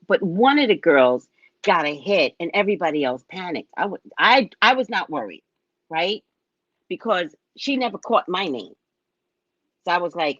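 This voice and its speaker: A woman with a lowish voice tells a rambling anecdote as a show host, her pitch swinging widely as she acts out other people's lines. The sound is dry and a bit dull, like a lo-fi recording. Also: big pitch swings, moderate pace, fairly bright tone, no room sound. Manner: frequent tag question "right?". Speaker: show host and psychic reader. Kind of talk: casual anecdote telling.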